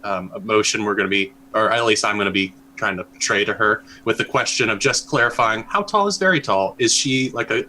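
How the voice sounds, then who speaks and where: A man's voice: fairly low pitch, brisk, few pauses, sharp tone, slight background noise, poor audio. A man playing a tabletop role-playing game, talking hesitantly with many fillers. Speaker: player.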